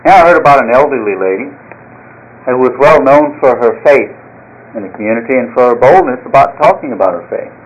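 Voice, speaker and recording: A man's voice: medium pitch, expressive, a little fast. Folksy male pastor preaching a sermon. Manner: folksy, storytelling with jokes, earnest. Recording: slightly dull lo-fi sound.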